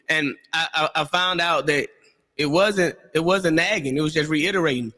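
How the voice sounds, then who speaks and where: A man on a discussion panel, talking in an animated way and acting out voices in his stories. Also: fairly high pitch, normal speed, big-room sound. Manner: animated storyteller, acts out quotes.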